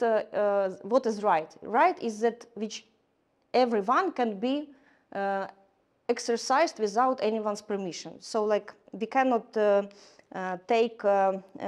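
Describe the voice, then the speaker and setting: A woman giving a lecture in English, halting often with fillers and restarts. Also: mid-range voice. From Ukraine. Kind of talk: lecture to a class.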